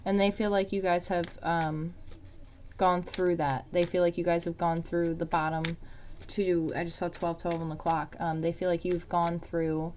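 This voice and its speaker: A woman's voice: on the low side, flat delivery, normal speed, a little mellow, a little hiss or hum. A woman giving a casual tarot reading, rambling with lots of "um" and "like". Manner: rambling, many fillers like "um" and "like". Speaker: tarot reader.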